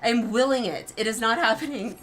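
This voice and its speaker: A young adult woman streaming a game, reacting out loud and talking herself through tense moments. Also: a little high, moderate pace, slight background noise. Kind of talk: emotional let's-play reaction.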